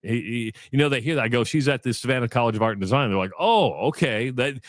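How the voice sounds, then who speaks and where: A middle-aged man from Iowa co-hosts a sports radio show, casually telling a long story and acting out both sides of the conversation. His mid-range voice is expressive and quick, in a dry, clean studio recording.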